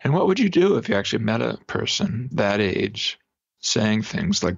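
A man, a psychologist guest on a podcast interview, explaining exercises in an animated way and demonstrating them aloud. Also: on the low side, normal speed, gravelly, husky. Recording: dull lo-fi remote audio.

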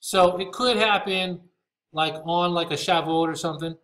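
A man's voice: high voice, steady tone, moderate pace, fairly bright tone, rough recording. A man teaching Bible prophecy over slides. He reads scripture passages aloud and explains them in a casual way, often checking in with "okay?". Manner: reads scripture aloud in old-fashioned wording.

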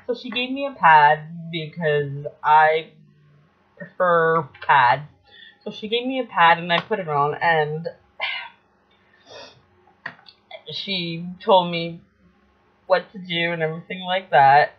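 A woman's voice: fairly low pitch, animated, takes it slowly, pauses often. A young woman telling a personal story in a casual, rambling vlog, often correcting herself as she goes. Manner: chatty, rambling, self-correcting. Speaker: vlogger. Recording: dull lo-fi home video audio.

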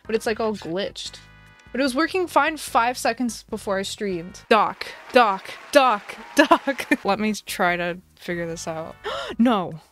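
A woman streamer giving dramatic, excitable live commentary on her gameplay, talking to herself as she plays. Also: medium pitch, unhurried, soft background music.

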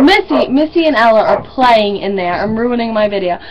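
A young woman with a high voice tells a story to her camera in a casual video diary. She is animated and laughs often, and she acts out what other people said. The sound comes from the camera's own mic indoors at home. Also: a little fast, few pauses, highs cut off, a crowd in the background. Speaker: vlogger and student. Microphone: camera built-in mic.

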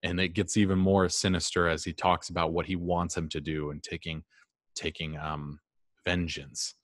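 A man's voice: deep voice, level tone, normal speed, no echo, studio quality. A man teaching a class in a casual, rambling way, with frequent ums and restarts. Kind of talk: classroom lecture.

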